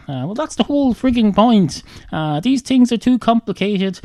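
A man giving a rambling comic monologue, deadpan and halting, with many "uh" fillers. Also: sits high, no room sound. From Ireland.

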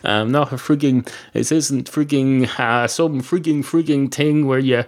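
A man's voice: medium pitch, fairly even intonation, unhurried. A man hosting a solo comedy podcast from a small spare bedroom, rambling, interrupting himself and swearing freely. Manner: meandering, self-interrupting, sweary. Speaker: podcast host. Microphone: home podcast mic.

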